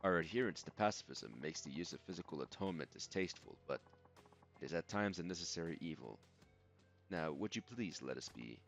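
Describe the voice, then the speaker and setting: A man voicing a calm, formal cult member with a coldly menacing manner. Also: deep voice, gravelly, voice pushed down. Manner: formal, cold, measured. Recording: dull lo-fi audio with game music.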